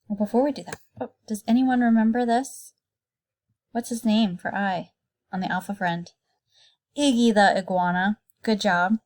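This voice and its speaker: A woman's voice: medium pitch, fairly even intonation, normal speed, darkish tone. A woman teaching kindergarten phonics, patiently sounding out letters and words for young children.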